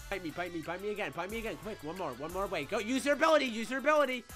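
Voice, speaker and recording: A man hosting an excitable gameplay commentary, loud and frustrated, often yelling. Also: high-pitched, rapid-fire, few pauses, faint music behind. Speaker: gameplay video host.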